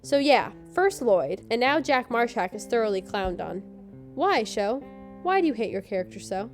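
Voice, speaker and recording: A woman's voice: on the high side, big pitch swings, normal speed, soft background music. A woman co-hosting a podcast, giving a sarcastic, joking recap of a TV episode. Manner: sarcastic, snarky commentary. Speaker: podcast co-host.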